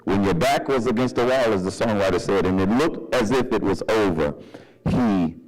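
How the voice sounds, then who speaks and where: A man preaching a sermon in a church, animated and humorous, calling for responses from the congregation. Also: lowish voice, a little fast, faint music behind. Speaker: pastor. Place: church sanctuary.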